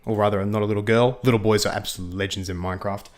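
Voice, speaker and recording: A man's voice: fairly low pitch, fairly even intonation, racing. A young man chatting casually while livestreaming a game, rambling, repeating himself and laughing often. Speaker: livestream host. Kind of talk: casual gaming livestream chat.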